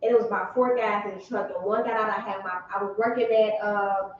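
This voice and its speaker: A woman's voice: medium pitch, fairly even intonation, fast, slight background noise. Woman from detroit rambling through a story, kinda far from the mic, roomy echo. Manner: rambling, restarts, addresses group as y'all. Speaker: podcast panelist. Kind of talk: casual storytelling chat. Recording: echoey, distant, muffled room recording.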